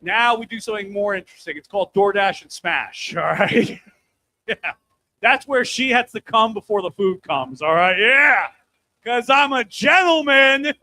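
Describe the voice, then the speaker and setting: A man in his thirties doing a live stand-up comedy set, brash and loud, working the crowd and breaking into shouts. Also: high voice, expressive, normal speed, no room sound. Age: 30s. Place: comedy club stage.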